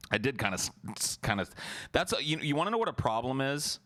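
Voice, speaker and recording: A man's voice: medium pitch, big pitch swings, quick pace, fairly bright tone, dry recording. A man hosting a casual late-night live stream, talking loosely and profanely with frequent restarts.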